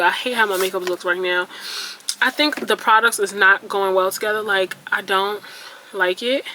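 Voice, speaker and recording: This beauty vlogger is a young woman with a medium-pitched, bright, forceful voice, venting frankly and chatting casually with viewers while putting on makeup at home near a ring light. She's self-mocking and exclamatory, and the rough recording carries a slight hiss or hum.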